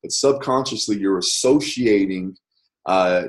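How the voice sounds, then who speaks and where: A man teaching a course in a casual, conversational way, often checking in with "right?" and changing his loudness to show a point. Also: sits low, unhurried. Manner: conversational, many fillers and "right?" check-ins, varies loudness to demonstrate. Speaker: course instructor.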